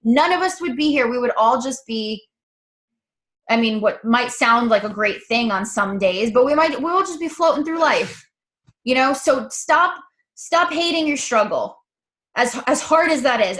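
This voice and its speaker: A woman's voice: fairly high pitch, expressive, normal speed, fairly bright tone. A woman speaking as a coach in a casual motivational talk, candid and chatty, now and then swearing.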